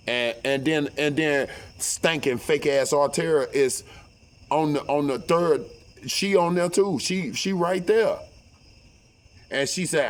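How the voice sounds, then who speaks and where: A middle-aged man telling a story in a casual, profane way. His voice sits at an average pitch, and he stays animated, acting out each voice as he goes. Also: measured pace. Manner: profane, animated, acts out every voice.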